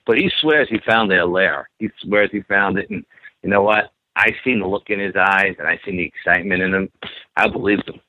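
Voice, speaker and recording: Animated man on a tinny phone line. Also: deep voice, fairly quick, no room sound. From New York. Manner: animated, repeats himself, acts out quotes. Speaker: guest telling an encounter story. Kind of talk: phone-in storytelling.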